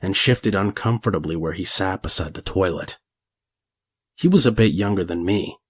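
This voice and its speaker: A man reading a horror story aloud in a measured, gritty way with crude language. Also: deep voice, breathy edge. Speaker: narrator. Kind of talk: scripted horror story narration.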